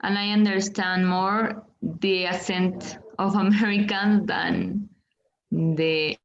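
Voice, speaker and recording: A woman with Spanish as her first language, a student speaking halting English, searching for words. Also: mid-range voice, level tone, creaky, highs cut off, a little hiss or hum. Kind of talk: casual online tutoring chat.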